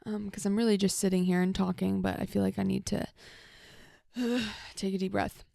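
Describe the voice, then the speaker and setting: A woman's voice: mid-range voice, fairly even intonation, normal speed, vocal fry, mellow, no echo. A woman hosting her own podcast from her home office, a therapist chatting casually and rambling, slightly out of breath. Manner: chatty, rambling, self-talking asides. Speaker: podcast host and mental health therapist. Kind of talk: casual solo podcast chat.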